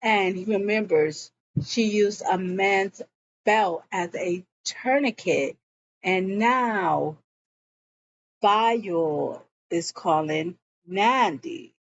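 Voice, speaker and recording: A woman walks through a TV episode in a relaxed, unhurried recap. She strings the scenes together with "and then" and "he was like". The recording sounds a little muffled, with a faint hum underneath. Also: mid-range voice. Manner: retells scenes with frequent "and he was like". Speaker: show recap vlogger.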